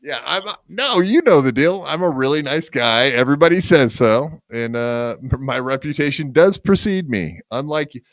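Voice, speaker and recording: A man's voice: mid-range voice, lively intonation, moderate pace, few pauses, dry recording. A man hosting a podcast, trading sarcastic, profane jabs with his co-host in casual banter.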